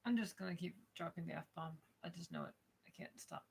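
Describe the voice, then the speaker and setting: A woman's voice: on the low side, brisk, vocal fry, slight background noise. A woman streaming live, grumbling in frustration and swearing in casual chat before reading a book aloud.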